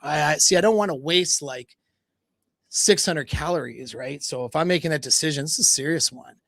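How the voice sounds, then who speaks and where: A man's voice: on the high side, moderate pace, vocal fry, a bit bright. A man voicing a playful young woman who answers with light, teasing banter. The sound is dry and close, with no echo.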